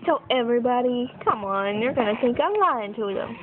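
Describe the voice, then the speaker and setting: A woman's voice: a little high, animated, brisk. A young mother coaxing her baby in a sing-song, repetitive voice, filmed on a phone at home. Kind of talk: baby talk to an infant. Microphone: phone camera. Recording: tinny phone recording with background noise.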